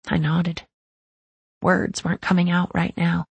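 Husky, gravelly female narrator. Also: sits low, unhurried, dry recording. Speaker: audiobook narrator. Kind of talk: first-person romance narration.

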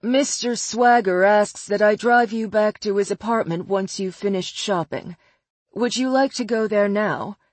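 A woman's voice: medium pitch, unhurried, no room sound, close to an everyday voice. A woman voicing a polite, formal male chauffeur speaking over a car intercom in an audiobook. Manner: formal and courteous.

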